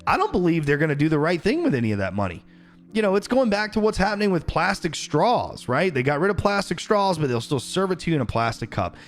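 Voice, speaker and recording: Animated, profane male streamer ranting. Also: fairly high pitch, fast. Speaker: livestreamer. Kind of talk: casual livestream rant.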